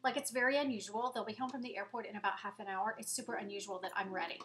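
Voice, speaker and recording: A woman's voice: medium pitch, steady tone, racing. A woman vlogging at home in a casual, rambling and chatty way, poking fun at herself as she goes. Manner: rambling, chatty, self-deprecating. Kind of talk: casual chat to camera.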